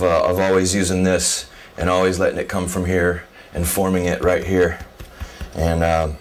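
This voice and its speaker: A man who plays bass and sings, talking hesitantly about his vocal training. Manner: hesitant, many uh fillers. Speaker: bass player and singer. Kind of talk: casual interview.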